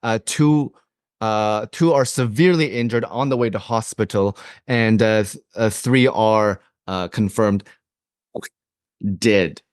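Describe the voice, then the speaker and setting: Man doing a stammering news reporter, halting, dry close mic. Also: fairly low pitch, clear, resonant tone, no echo. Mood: earnest. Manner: halting, stammering with many uhs. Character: bumbling male TV field reporter. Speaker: podcast co-host. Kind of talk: improvised comedy sketch.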